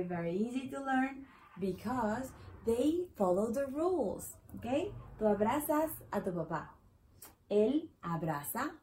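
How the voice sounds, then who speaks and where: A woman with a Latin American Spanish accent gives a Spanish lesson. She speaks slowly and patiently, repeating each word so learners can follow. Her voice is warm and mellow. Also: medium pitch, rough recording. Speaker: Spanish teacher. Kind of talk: explaining a language lesson.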